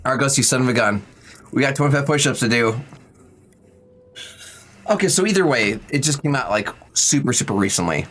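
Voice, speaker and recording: Lively, playful male streamer. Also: mid-range voice, fairly quick, pauses often, rough recording. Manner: playful, joking with chat, counting out exercise reps. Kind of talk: casual live-stream chat.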